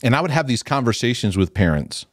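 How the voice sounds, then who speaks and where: Man, middle-aged, former youth pastor, lively storytelling, swooping pitch, dry close sound. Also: fast talker, no room sound. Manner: animated storytelling with acted quotes and restarts. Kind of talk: casual teaching talk.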